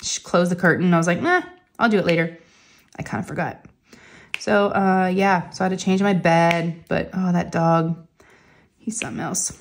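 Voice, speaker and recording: A woman's voice: on the low side, steady tone, normal speed, a little hiss or hum. A middle-aged woman chatting casually to viewers from home, telling stories with lots of fillers and giggles. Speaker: crafting vlogger.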